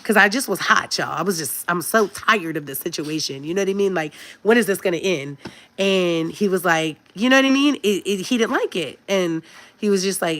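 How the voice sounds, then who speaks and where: A woman's voice: medium pitch, expressive, moderate pace, a bit bright. A woman, giving parenting advice to her viewers in a chatty, emphatic way. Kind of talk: casual direct-to-camera advice talk.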